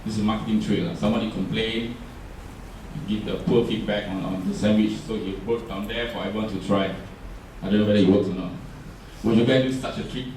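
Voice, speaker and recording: A man's voice: on the low side, steady tone, fairly quick, darkish tone, slight background noise. A man with a Singaporean English accent gives a chatty workshop talk and keeps asking the audience questions. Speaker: workshop speaker. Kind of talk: workshop presentation. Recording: roomy echo, distant mic.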